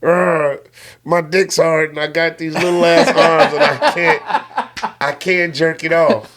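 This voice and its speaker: A man voicing a frustrated male Tyrannosaurus with tiny arms, in a higher, strained comic voice while retelling a joke. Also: flat delivery, unhurried, heavy background noise, close to an everyday voice.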